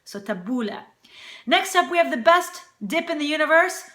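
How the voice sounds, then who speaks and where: A woman in her thirties or forties hosts a cooking channel in a relaxed, teasing chat, repeating words to show how they should sound. Her voice is fairly high and very bright. The room around her is noticeably echoey. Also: moderate pace. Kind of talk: casual talk to camera.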